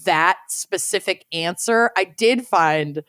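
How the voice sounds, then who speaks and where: A woman's voice: lowish voice, slow pace, a bit bright, smooth, no echo, studio quality. A young adult woman co-hosting a casual true crime podcast, chatty and wry, often laughing as she talks. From Minnesota. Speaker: podcast co-host.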